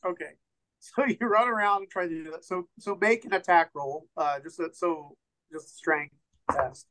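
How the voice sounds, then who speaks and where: A man narrating as game master in a tabletop game, relaxed and halting with many fillers. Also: sits high, low-quality recording.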